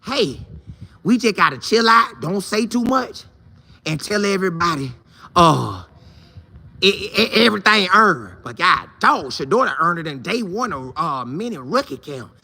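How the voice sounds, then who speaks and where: A man hosting a casual sports talk show, animated and playful, acting out quoted coaches and players in different voices. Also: high voice, measured pace, creaky.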